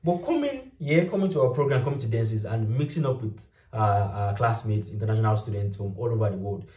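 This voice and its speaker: A young Nigerian man who speaks Yoruba hosts a vlog, spinning animated stories in a casual chat and laughing a lot. His voice sits lowish and moves a little fast. The recording sounds roomy and slightly off-mic, as if captured from a distance.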